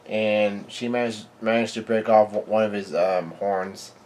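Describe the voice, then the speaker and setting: A man giving a live reading and reaction to a comic chapter, in a halting, stumbling way full of restarts. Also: lowish voice, steady tone, a little mellow. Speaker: manga reader and reactor.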